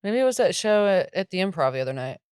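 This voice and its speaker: A woman's voice: on the low side, very animated, fast, darkish tone, clean tone, no room sound, clean studio sound. A young adult woman co-hosting a comedy podcast, chatting casually and bluntly with casual swearing. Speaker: podcast co-host.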